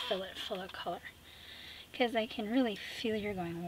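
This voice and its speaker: This middle-aged woman runs an art tutorial at a normal speed, her voice medium in pitch, with background noise behind her. Chatty and playful, she describes her painting as she goes and now and then drops to a gentle whisper.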